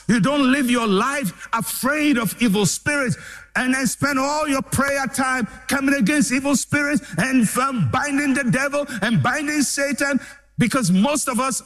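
A man preaching a sermon, repeating phrases and building to shouts. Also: very high-pitched. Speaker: pastor.

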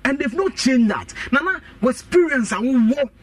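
A man's voice: extremely high pitch, expressive, normal speed, dry recording, recorded from a distance. A man with a Ghanaian accent arguing politics on a radio talk show, switching between Twi and English, emphatic and repetitive. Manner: mixing Twi and English, emphatic, repeats points. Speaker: political guest. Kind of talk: animated political debate.

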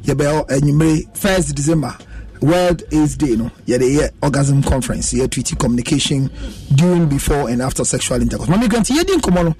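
A man's voice: fairly high pitch, fairly quick, dark tone, breathy edge, recorded from a distance. A Ghanaian man speaking as a counselor guest on a radio show, lecturing emphatically in casual chat. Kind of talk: casual radio chat, mixing Twi and English.

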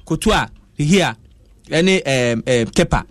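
A man's voice: on the high side, expressive, unhurried, no echo. A man giving football analysis on a radio show. He talks emphatically, with hesitant restarts and pidgin turns.

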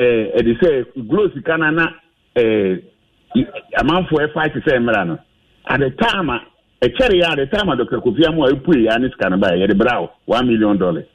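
A Ghanaian man with a husky voice, giving heated radio commentary, animated and firing off rhetorical questions. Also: on the high side. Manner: animated, rhetorical questions, mixing English and Twi. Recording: dull lo-fi radio audio.

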